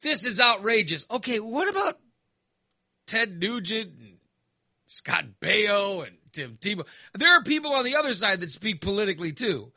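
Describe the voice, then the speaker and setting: A man's voice: high-pitched, sing-song, moderate pace, sharp tone, no echo, studio quality. A man ranting casually, exasperated and sarcastic, sounding fired up. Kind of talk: casual opinion rant.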